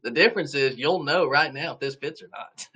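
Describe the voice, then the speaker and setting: A man's voice: on the high side, expressive, moderate pace, pushed and bright, poor audio. A man from Georgia with a Southern accent, a shop owner joking and chatting casually as a podcast guest. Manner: joking, laughs often, folksy.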